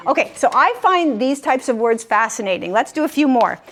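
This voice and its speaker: A woman leading a group word game class, upbeat and encouraging, slowing down to stress syllables. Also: sits high, lively intonation, a bit bright. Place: room with a live group.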